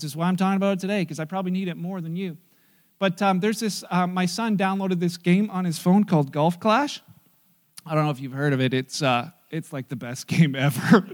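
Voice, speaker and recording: Male pastor, high voice, preaching, animated, jokey, church sermon. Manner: animated and joking, acts out scenes.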